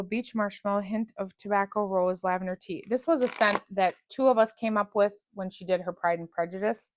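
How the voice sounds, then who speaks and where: In a dry, close recording with no room sound, a wax melt reviewer gushes over the products in a chatty, casual review. Her voice sits mid-range, and she keeps restarting sentences as she talks.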